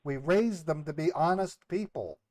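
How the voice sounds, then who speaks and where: A man with a high voice stages a prank call as a rattled, self-righteous victim. He sounds close and dry, with no room around him, and keeps piling up defensive protests. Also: moderate pace, darkish tone, dry recording. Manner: indignant, defensive, rambling protests. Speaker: scambaiter posing as a caller. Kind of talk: prank call role-play.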